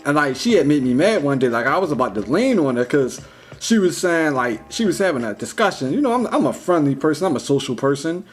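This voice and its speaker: A young man talking in a casual, rambling vlog monologue, full of "like" and "you know", slangy and animated. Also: on the high side, brisk, faint music behind. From United States. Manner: rambling, heavy use of "like" and "you know", restarts; slangy, animated when retelling. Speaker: vlogger.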